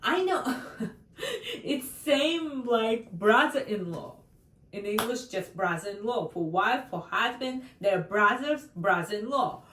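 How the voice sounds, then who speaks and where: A woman with a Russian accent teaching a language lesson, slowly repeating example words and checking in with her students. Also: a little high, expressive, fairly bright tone, far from the mic, slight background noise. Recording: roomy echo, a bit off mic.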